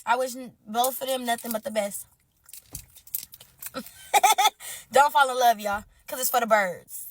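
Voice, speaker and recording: A woman with a high, bright-pitched voice tells a storytime in loose, slangy chatter. She keeps turning to her viewers and calling them y'all, animated and expressive throughout. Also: unhurried, pauses often. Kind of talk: casual storytime to camera.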